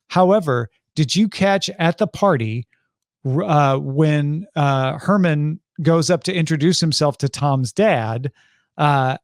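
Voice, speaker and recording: A man's voice: fairly high pitch, no echo, studio quality. A man co-hosting a podcast, chatting casually and animatedly about a TV episode. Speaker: podcast co-host.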